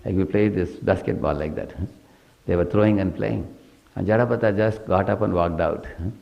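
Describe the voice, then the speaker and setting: A male preacher with a lowish voice retells a scripture story as a sermon. He keeps tossing in "hmm" and "huh?" to the listeners. The recording sounds muffled and lo-fi. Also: brisk, gravelly.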